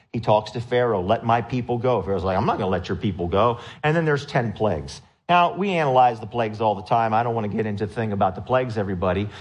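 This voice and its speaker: Man, pastor, sermon, lively storytelling, questions to the congregation. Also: medium pitch. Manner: animated storytelling, acts out quotes in raised voice.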